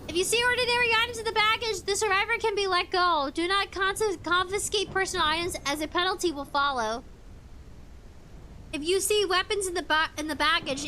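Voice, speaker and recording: A woman's voice: very high voice, sharp tone, a little hiss or hum. A woman live-streaming a game in casual chat, giggling as she reads chat messages and game text aloud. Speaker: VTuber streamer.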